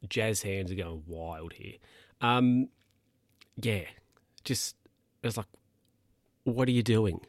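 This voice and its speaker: A man's voice: on the low side, takes it slowly, long pauses, no echo. A man telling stories casually to camera as a vlogger, rambling and chatty. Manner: rambling, chatty, with mock-quoted voices.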